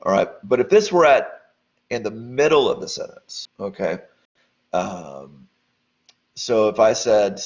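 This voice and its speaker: A man's voice: lowish voice, animated, a little slow. A man teaching a casual grammar lesson, loose and rambling with many fillers and restarts. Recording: dull lo-fi audio.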